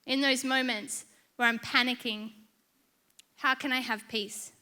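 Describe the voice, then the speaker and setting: High bright-voiced woman preaching. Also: a little slow. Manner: lively, humorous, chatty storytelling. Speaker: church speaker. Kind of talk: sermon with personal storytelling.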